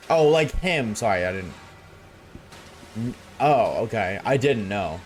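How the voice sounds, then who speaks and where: A man's voice: lowish voice, lively intonation, unhurried, long pauses, faint music behind. A man streaming a game and chatting casually with his viewers, laid-back and slangy, reading chat aloud.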